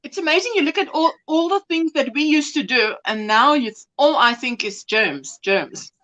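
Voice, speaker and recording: A woman's voice: high-pitched, expressive, normal speed, fairly bright tone, lo-fi sound. A woman co-hosting a casual knitting chat, enthusiastic and given to repeating herself. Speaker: co-host.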